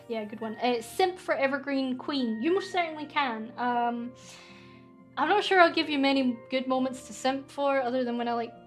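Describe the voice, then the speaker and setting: This is a young woman with a Scottish accent hosting a casual question-and-answer stream. Her voice sits high, and she rambles from one thought to the next with easy self-deprecation. Soft music plays faintly underneath. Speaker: VTuber streamer.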